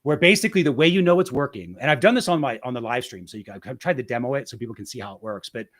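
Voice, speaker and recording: A man's voice: mid-range voice, rapid-fire. A man talking as a guest in a casual interview, explaining a process step by step with frequent restarts and "right?" tags.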